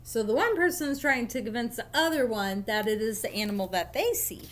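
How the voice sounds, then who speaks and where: A woman teacher reading a picture book aloud to young children in a recorded lesson, playful and animated. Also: fairly high pitch, fairly quick, hardly any pauses.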